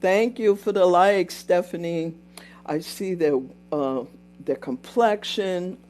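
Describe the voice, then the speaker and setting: A woman's voice: on the low side, slow pace, a little mellow, slight background noise. An older woman hosting a casual livestream, telling a story in a chatty way, repeating herself and breaking off to thank and answer viewers. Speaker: livestream host.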